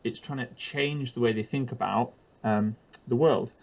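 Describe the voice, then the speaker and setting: A man's voice: mid-range voice, unhurried, vocal fry, a little mellow. A man explaining a chemistry lesson for teachers while drawing, hesitant with frequent ums and uhs and the odd self-deprecating aside.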